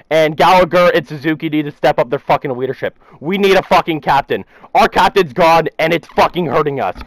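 A young man ranting furiously about his hockey team in a vlog, swearing constantly and climbing into shouts. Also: high voice, no room sound, rough recording. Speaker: hockey fan vlogger. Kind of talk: angry rant vlog.

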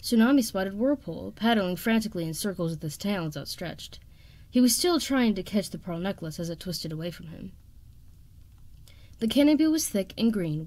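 A woman reading a children's fantasy novel aloud in steady, expressive narration. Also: lowish voice. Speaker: audiobook reader.

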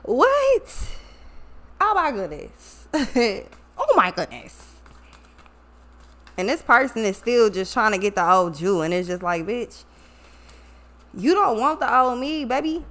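A woman's voice: on the high side, a little slow, long pauses. Blunt, profane woman reading tarot. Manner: animated, trailing off into asides. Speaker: tarot reader. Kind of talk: casual tarot reading to viewers.

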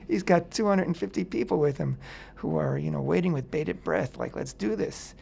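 On a radio talk show, a male host teaching the weekly Torah portion explains a Bible passage in a casual, animated way, acting out the characters' words in paraphrase. His voice is a little high and gravelly, his pace moderate, and he uses many fillers. There's a slight hiss or hum in the audio.

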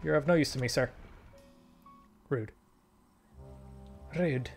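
A man's voice: medium pitch, slow pace, gravelly, soft background music. A man hosting a let's play, giving casual, jokey gameplay commentary with mock-British asides.

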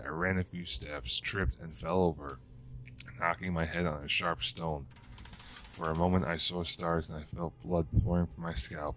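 A man narrates a ghost story in a measured, even delivery, now and then catching himself and restarting a word. His voice sits extremely low and stays flat across each line, with only a faint hiss of noise behind it.

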